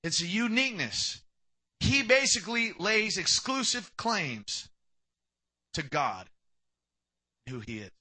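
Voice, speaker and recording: Bright high-voiced male preacher. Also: big pitch swings, takes it slowly, long pauses. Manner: emphatic preaching, acts out quoted speakers. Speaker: pastor. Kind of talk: sermon.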